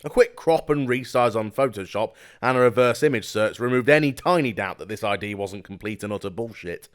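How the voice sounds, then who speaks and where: A man's voice: on the low side, a little fast. Sardonic male comedic narrator. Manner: dry, sardonic storytelling. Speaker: scambaiting video narrator.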